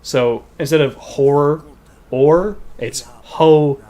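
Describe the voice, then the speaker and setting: A man's voice: mid-range voice, moderate pace. A man from Maine with a faint Maine accent, chatting casually and explaining things at length while playing a game. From Maine, USA. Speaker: gaming video host. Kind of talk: casual gaming commentary.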